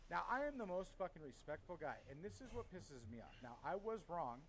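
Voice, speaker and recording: A middle-aged man with a slightly high voice tells a story, worked up and swearing freely. He talks in a loose, casual podcast manner. There is a faint hiss of room noise behind him. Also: brisk, poor audio. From Washington State, US. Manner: profane, heated, animated storyteller. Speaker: podcast co-host.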